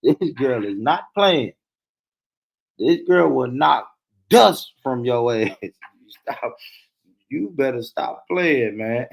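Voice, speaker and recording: A man's voice: medium pitch, gravelly. A man hosting a casual commentary stream, talking loosely and profanely and laughing often. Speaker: host.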